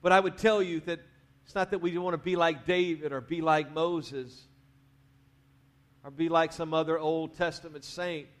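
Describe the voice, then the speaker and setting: A man preaching a sermon in a church, talking conversationally, dropping quiet at the ends of phrases and rising to urge the congregation on. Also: fairly high pitch, steady tone, moderate pace. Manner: conversational preaching, drops to quiet endings, rises to urge the crowd. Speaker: pastor. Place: church sanctuary.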